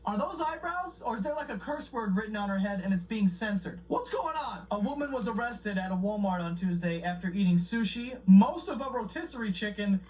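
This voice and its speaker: A man's voice: sits high, distant mic, lo-fi sound. Man mocking people with swearing disbelief. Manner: incredulous, mocking, swears a lot. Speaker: comedy commentator. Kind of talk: profane comedic commentary.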